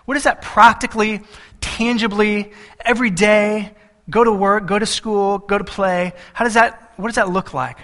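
A man's voice: high voice, steady tone, moderate pace, fairly bright tone. A male pastor preaching an expository sermon, reading verses aloud and asking the congregation rhetorical questions.

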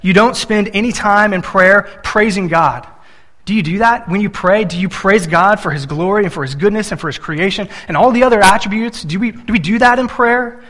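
A man's voice: high-pitched, bright, forceful tone, big-room sound. A man in his thirties preaching a sermon, telling family stories and acting out little voices when he quotes his son and wife. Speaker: pastor.

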